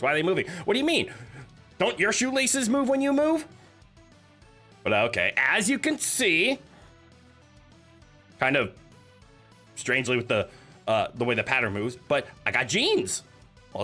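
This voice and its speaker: A man's voice: mid-range voice, sing-song, unhurried, pauses often, sharp tone, faint music behind. A man streaming live, chatting casually with his viewers in a nervous, joking, giggly way. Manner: chatty, joking, talks to chat.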